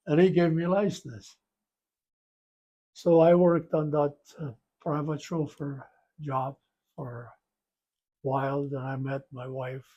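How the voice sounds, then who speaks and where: Slow, husky old man reminiscing. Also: a little high, flat delivery, dull audio. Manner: halting, rambling with restarts and soft chuckles. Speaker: interviewee. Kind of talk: storytelling interview.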